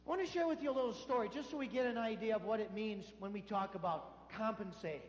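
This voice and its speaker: A man giving a sermon as a priest, telling stories in a lively way and acting out the voices of the people in them. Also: sits high, fast. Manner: animated storytelling, acting out voices in quotes. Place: church. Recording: echoey church hall.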